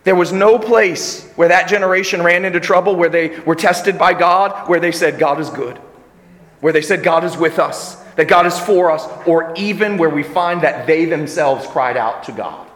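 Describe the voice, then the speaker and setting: A man preaching a sermon with a high, bright voice that rings through a large hall. He drops low and quiet for reflection, then climbs into loud, emphatic runs. Long reverb trails every phrase. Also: moderate pace.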